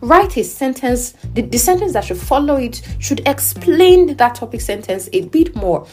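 A woman's voice: high voice, expressive, moderate pace, mellow, faint music behind. A woman teaching essay writing who thinks aloud as she edits her practice essay and keeps checking in with her learners.

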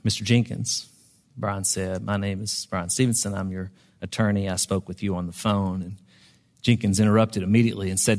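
A man's voice: low-pitched, brisk, big-room sound. A man preaching a sermon, telling a story in a conversational way with frequent ums and restarts. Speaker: pastor.

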